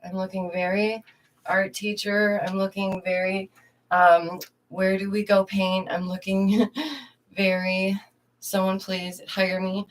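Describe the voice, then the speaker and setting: A woman's voice: medium pitch, little pitch movement, slow, pauses often. A young woman, a streamer and art teacher, chatting casually to her viewers, laughing often and greeting them directly. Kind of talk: casual livestream chat. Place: indoors at home.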